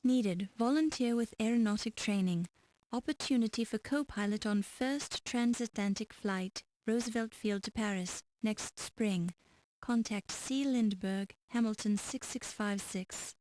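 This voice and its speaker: A woman's voice: a little high, a little slow, darkish tone, a little hiss or hum, natural voice. A woman reading scripted narration and notices for a 1990s adventure game. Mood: calm.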